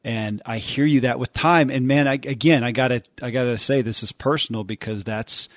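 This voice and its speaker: A man's voice: medium pitch, brisk, dry recording. Enthusiastic man hosting a podcast, dry sound. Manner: enthusiastic, rambling questions with fillers. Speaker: podcast host. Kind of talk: conversational interview.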